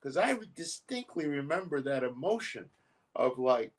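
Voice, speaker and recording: A man's voice: fairly high pitch, sing-song, normal speed, recorded from a distance, poor audio. A man in his sixties, from the United States, talking over memories with his sister, earnest and reflective, with many fillers. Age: 60s. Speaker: interviewee. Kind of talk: recorded conversation between siblings.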